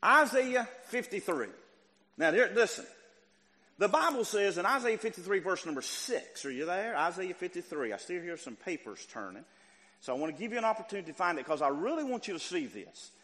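Animated preacher in an echoing church. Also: male voice, brisk. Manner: animated, rising to near shouts and dropping low. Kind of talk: sermon. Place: church sanctuary.

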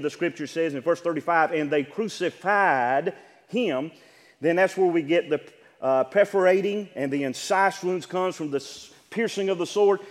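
A man preaching from the pulpit, his fairly high voice rising to fervent peaks and dropping to near-whispers. The sanctuary lends his words a long, lingering reverb. His delivery is dynamic and heartfelt. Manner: dynamic preaching, swinging from loud to hushed. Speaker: pastor. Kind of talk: sermon. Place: church sanctuary. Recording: church hall reverb.

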